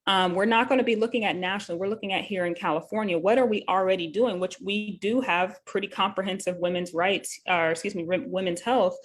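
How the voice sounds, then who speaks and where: A woman's voice: mid-range voice, steady tone, a little fast, hardly any pauses, a little hiss or hum. Woman, nurse host, live talk show, earnest, conversational, frequent fillers, corrects herself. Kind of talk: live web talk show, explaining a bill.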